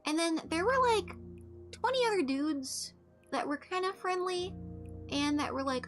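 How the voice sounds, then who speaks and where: A woman's voice: very high voice, expressive, faint music behind. A young woman streamer telling a story in a casual, blunt, joking way with frequent restarts and swearing. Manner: halting restarts, laid-back.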